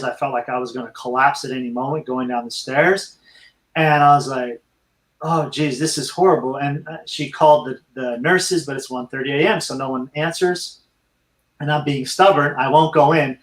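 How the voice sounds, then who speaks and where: A man's voice: fairly high pitch, reverberant, poor audio. A middle-aged man, a veteran and dog trainer, telling his life story in an interview and speaking earnestly to listeners. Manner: earnest, addresses listeners as friends.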